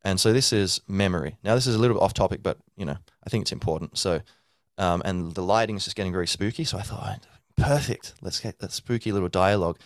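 Low-voiced man rambling in a dry close recording. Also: quick pace, hardly any pauses, no echo. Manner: rambling, many fillers and restarts. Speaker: podcast host. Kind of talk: casual monologue.

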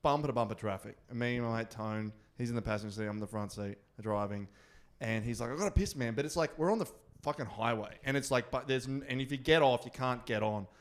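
A man's voice: medium pitch, fast. A man with an Australian accent telling a rambling anecdote in a casual chat, with plenty of swearing and restarts. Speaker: podcast co-host.

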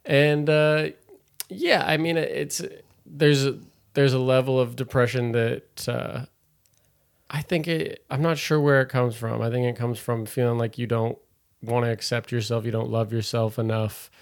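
A man's voice: mid-range voice, fairly even intonation, measured pace, creaky. A young man, a stand-up comedian, talking loosely in a casual podcast conversation, rambling with lots of fillers and restarts.

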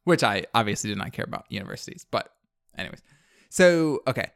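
A man's voice: fairly low pitch, very animated, fast, fairly bright tone, no room sound, clean studio sound. A young man co-hosting a podcast, recapping a movie in rambling casual chat full of "like" and laughter. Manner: rambling, filler-heavy, laughing often. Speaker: podcast co-host.

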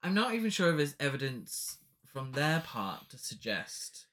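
Lively bright-voiced man. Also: on the high side, normal speed. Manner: rambling, laughing, jokey asides. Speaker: podcast co-host. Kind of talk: casual film review chat.

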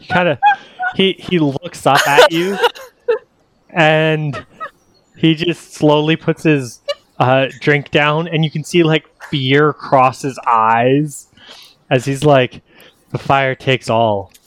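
A man's voice: a little high, big pitch swings, slow, fairly bright tone, no room sound. A young man narrating a tabletop game as game master, loose and full of fillers. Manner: loose, filler-heavy, laughing often.

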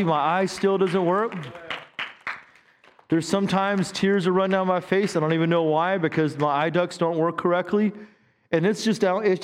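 In a church sanctuary with a long reverb tail, a man in his fifties delivers a sermon as a pastor. His voice is high-pitched, and his conversational style includes stammered restarts.

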